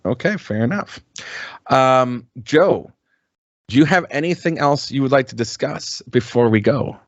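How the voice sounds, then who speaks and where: A man's voice: medium pitch, animated, a little slow, dry recording, highs cut off. A man co-hosting a podcast, chatting casually and rambling with lots of ums and restarts, swearing freely. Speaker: podcast co-host. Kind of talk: casual chat.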